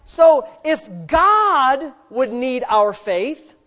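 A woman's voice: sits high, big pitch swings, extremely slow, a bit bright. A woman preaching a sermon, asking rhetorical questions and adding playful asides.

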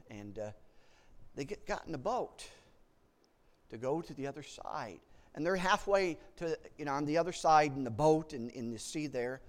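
A man delivers a sermon at a medium pitch, animated and frequently restarting words. As he tells a story, he acts out panicked voices.

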